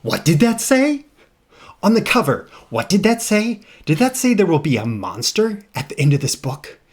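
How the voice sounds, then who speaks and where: A man voicing a timid, fretful furry monster while reading a children's picture book aloud, in a rough, drawn-out imitation. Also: huge pitch swings, full character voice. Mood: scared. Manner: pleading, high and drawn-out, deliberately rough imitation.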